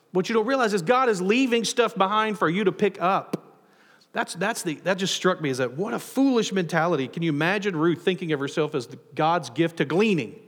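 A man preaching a sermon as a pastor, animated, with frequent restarts and acted-out quotes. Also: on the high side, long reverb tail.

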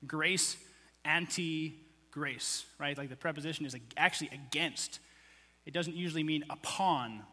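A man preaching a sermon in a conversational, animated way, acting out quotes as he teaches. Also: a little high, measured pace, big-room sound. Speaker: pastor.

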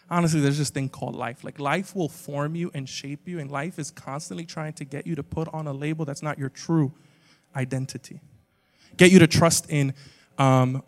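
Casual young male pastor in a reverberant hall. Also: a little high. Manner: casual and conversational, peppered with "like"; swings between quiet and loud emphatic bursts. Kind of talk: sermon. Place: live church auditorium with an audience. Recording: long reverb of a large hall.

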